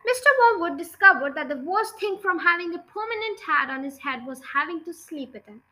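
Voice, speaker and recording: A woman narrating a children's storybook chapter in an expressive, lively read-aloud. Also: very high-pitched, fairly quick, low-quality recording. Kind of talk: storybook reading.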